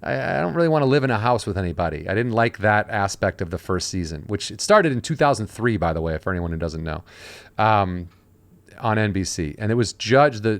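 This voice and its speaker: A man's voice: on the low side, dry recording. A man hosting a casual podcast chat, telling stories and acting out the people he quotes. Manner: storytelling, acting out quoted voices. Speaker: podcast host.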